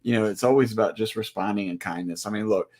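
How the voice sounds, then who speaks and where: A man co-hosting a casual livestream, easygoing and gently teasing. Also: on the low side, fast talker. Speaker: livestream co-host.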